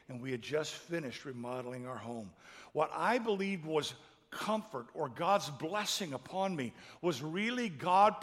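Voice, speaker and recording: Middle-aged male pastor, bright tense voice, fairly high, impassioned sermon delivery, reverberant hall. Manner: emotional storytelling, rising to loud impassioned peaks.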